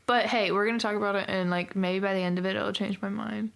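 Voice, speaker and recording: A young woman hosting a casual book club podcast, bubbly and quick to laugh, with lots of "like". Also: medium pitch, steady tone, vocal fry, a bit bright. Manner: bubbly, laughs often, says "like" a lot.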